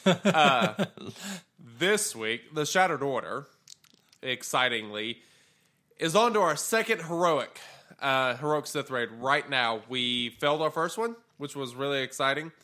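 A man co-hosting a gaming podcast, talking in a relaxed, rambling way with plenty of fillers. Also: mid-range voice, measured pace. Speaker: podcast co-host. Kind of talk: casual gaming podcast chat.

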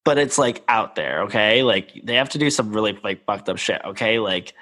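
Animated bright-voiced man chatting. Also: fairly low pitch, a little fast. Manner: animated, acts out quotes, laughs often. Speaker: podcast co-host. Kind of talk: casual chat recapping reality TV.

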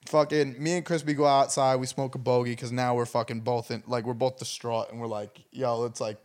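A man's voice: medium pitch, level tone, brisk, darkish tone. A young man telling a rambling, profane story in casual chat.

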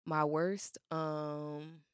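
A woman's voice: deep voice, little pitch movement, very slow, clean tone. A young woman co-hosting a podcast, chatting candidly and laughing often. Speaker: podcast co-host. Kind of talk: casual chat.

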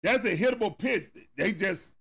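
A man's voice: high voice, animated, normal speed, vocal fry, fairly bright tone, slightly rough. A man with a Southern US accent hosting a casual watch-party stream, calling the plays live and talking straight at the players in folksy turns of phrase. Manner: talks straight at the players, coaching and groaning. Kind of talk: casual live play-by-play commentary.

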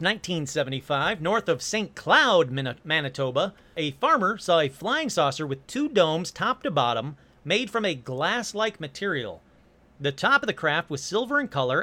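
A man hosting a casual storytelling monologue, animated and joking, with quick asides and apologies. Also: sits high. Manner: animated, jokey asides, puts on silly voices briefly. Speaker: host.

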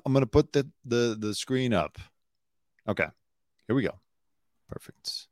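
A man's voice: mid-range voice, expressive, moderate pace, pauses often, no echo, clean studio sound. A man hosting a casual live-stream news commentary, talking bluntly and opinionated, swearing freely and rambling with asides. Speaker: host, former entertainment news producer.

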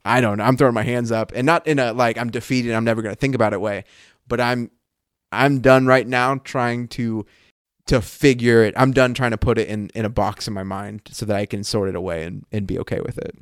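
A man's voice: medium pitch, steady tone, brisk, no echo, studio quality. A man co-hosting a casual Bible discussion podcast, thinking aloud and often breaking off to restart his sentences. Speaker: podcast co-host.

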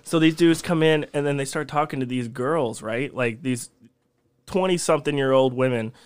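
A man, a podcast guest telling a long story in casual chat, animated and profane. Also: mid-range voice, moderate pace, smooth. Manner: animated, profane storyteller who laughs at his own tales.

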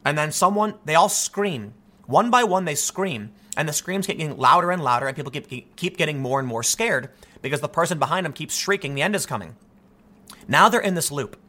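A man giving an animated, argumentative political commentary monologue, often restarting his sentences. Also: a little high, fairly quick.

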